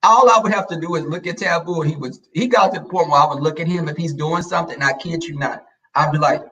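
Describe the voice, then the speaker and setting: This man speaks fast in a slightly high voice, sitting far from the mic in a rough recording. He chats casually about family stories, blunt and full of slang, and animatedly acts out the voices of the people he quotes.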